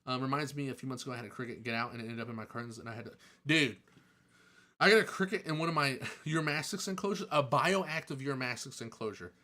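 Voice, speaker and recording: A man casually answering chat questions on a live stream, chatty and excitable, joking and laughing often. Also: medium pitch, fast talker.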